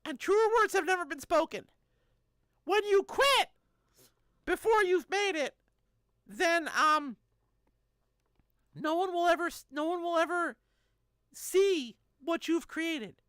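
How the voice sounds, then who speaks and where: A woman's voice: very high-pitched, pushed and bright, dry recording. A woman in her thirties streaming live, chatting casually and joking as she answers chat messages.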